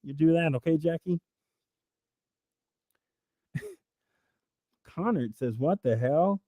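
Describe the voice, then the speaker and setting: A man's voice: on the high side, expressive, takes it slowly, dark tone, no room sound. A man hosting a livestream, reading chat and riffing through improvised comic rambles that swear freely.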